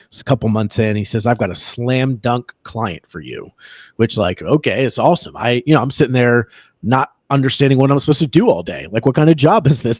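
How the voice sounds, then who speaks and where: A man, a real estate agent, telling an animated story on a podcast, acting out the other people's lines and laughing as he goes. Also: mid-range voice, dry recording. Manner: animated, acts out quoted dialogue, laughs between lines. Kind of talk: casual storytelling.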